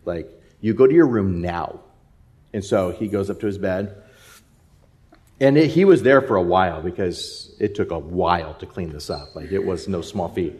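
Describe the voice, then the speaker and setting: A man's voice: deep voice, normal speed, darkish tone. A man in his thirties, a pastor telling a rambling family story in a sermon with many fillers.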